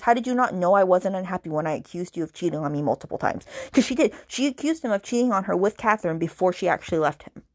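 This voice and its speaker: Woman podcast host ranting about a book, talky and animated, dry close sound. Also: fairly low pitch, no echo. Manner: animated, retells scenes with quoted voices; frequent "like" fillers, exasperated asides. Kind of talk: casual book review chat.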